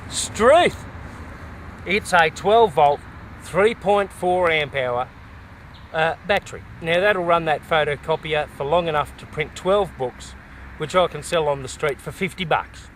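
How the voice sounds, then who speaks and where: Australian male vlogger, slightly high voice, folksy and rambling, recorded outdoors with faint traffic hiss. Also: a little slow, fairly bright tone. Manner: folksy and rambling, with bush slang. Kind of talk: casual walking vlog. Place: outdoors in the bush by a road.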